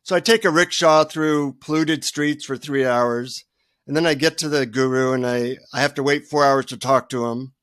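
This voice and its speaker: An older man, a guest author, telling a self-deprecating story with lively energy in a radio interview. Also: mid-range voice, moderate pace, smooth, dry recording, clean studio sound.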